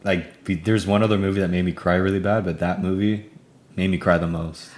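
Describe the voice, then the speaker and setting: A man hosts a relaxed interview and asks questions. His voice sits low. He keeps his remarks short and easygoing. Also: fairly quick. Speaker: host. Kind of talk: casual chat.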